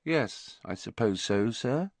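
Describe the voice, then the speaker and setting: A man reading an audiobook and voicing an intense, proud orphan boy in a hushed, whispery whispered role-play manner. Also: medium pitch, sing-song, normal speed, husky, no echo, full character voice. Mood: polite.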